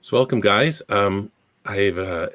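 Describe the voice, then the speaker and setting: Middle-aged Canadian male host, deep-ish voice, rambly casual delivery, still a bit under the weather. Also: slow, fairly bright tone, no room sound. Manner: rambling, chatty, self-deprecating. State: recovering from a cold. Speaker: podcast host. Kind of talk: casual podcast chat.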